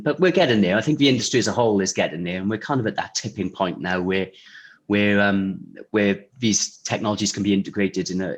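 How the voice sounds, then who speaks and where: Man, lowish voice, easygoing guest answering questions with frequent fillers. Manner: relaxed, chatty, many fillers and restarts, laughs easily. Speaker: guest, insurance technology vendor. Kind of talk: casual interview answers.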